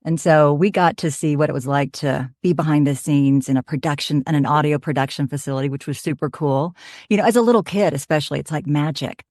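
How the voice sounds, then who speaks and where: A woman in her fifties from Oklahoma, a voiceover artist, telling her story in a chatty, animated way on a podcast. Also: low-pitched, quick pace, dry recording, studio quality. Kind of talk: casual podcast chat.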